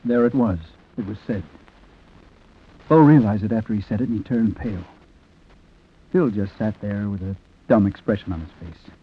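An actor narrating a 1940s radio drama as a reflective man, quiet and rueful. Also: fairly low pitch, normal speed, long pauses, husky. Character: reflective man telling a sad story. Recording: tinny old radio recording with music.

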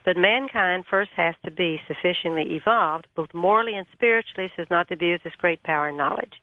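A woman guest on a radio talk show, retelling her story in a folksy, animated way over the telephone. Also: lowish voice, brisk, no room sound. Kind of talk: storytelling on a call-in interview. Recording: tinny phone line.

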